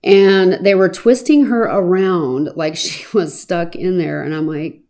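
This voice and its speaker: A woman recounting her own past in an earnest, reflective personal testimony, pausing now and then with small fillers. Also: on the low side, warm tone. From Arizona, US.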